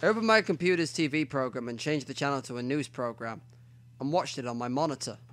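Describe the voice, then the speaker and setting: A man reading a visual novel aloud as the host of a let's play, with quiet asides to himself between stretches of narration. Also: mid-range voice, fast, a little hiss or hum.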